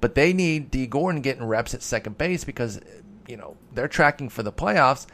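A man's voice: medium pitch, expressive, moderate pace, fairly bright tone. A man hosting a casual solo podcast, answering listener questions in a rambling, self-deprecating way with bits of mock-heated sarcasm.

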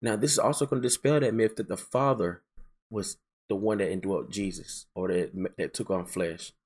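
Guy teaching a bible passage, kinda low voice, hammers the same phrases over and over. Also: darkish tone, husky. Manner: emphatic, repeats key phrases, slows down to read scripture aloud. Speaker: preacher.

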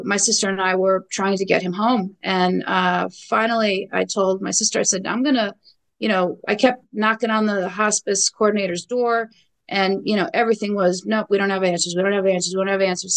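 A middle-aged woman speaks as a guest, her voice carrying a gravelly edge. She tells her story bluntly and with emphasis, leaning on repeated phrases and fillers. Her pitch sits in an ordinary middle range for a woman. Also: low-quality recording. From New York. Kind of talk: personal account in a podcast interview.

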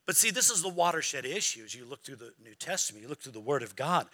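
A man's voice: medium pitch, fast. A man preaching a sermon as pastor, asking the congregation to repeat words back and acting out quoted voices. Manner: preaching with call-and-response questions to the congregation; acts out quoted voices in a lively, mocking tone.

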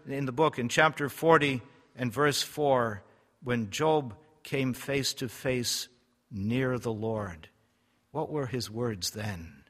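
Emphatic male preacher in echoing hall. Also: mid-range voice. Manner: emphatic, swells and drops in loudness; reads scripture in slow, solemn cadence. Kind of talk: sermon. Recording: long hall reverb.

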